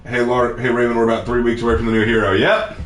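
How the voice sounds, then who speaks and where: A man's voice: mid-range voice, level tone, fast, a bit bright. A man streaming a game, chatting casually and playfully while reading chat aloud. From United States. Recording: roomy echo with faint noise.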